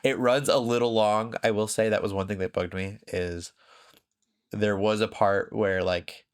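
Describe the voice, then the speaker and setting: A man's voice: fairly low pitch, steady tone, measured pace, smooth. A man co-hosting a podcast in casual chat, rambling with lots of fillers and frequent laughs. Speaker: podcast co-host.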